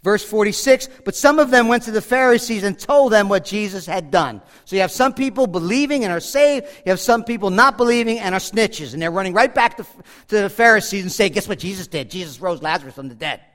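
A man's voice: high voice, a little fast, a bit bright. A pastor preaching a sermon, talking casually with asides and humor as he walks through a passage. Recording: hall reverb.

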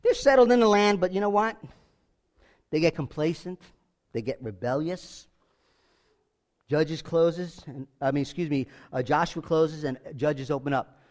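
A man preaching a sermon, animated and conversational, acting out quick voices for the people in his Bible stories. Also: on the high side. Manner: animated, acts out voices of biblical figures. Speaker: pastor.

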